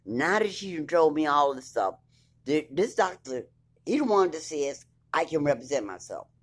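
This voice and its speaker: A vlogger recounts her own court case bluntly and indignantly, swearing freely and reading documents aloud with emphasis. Her low voice has a sing-song, slightly rough quality at a normal speed.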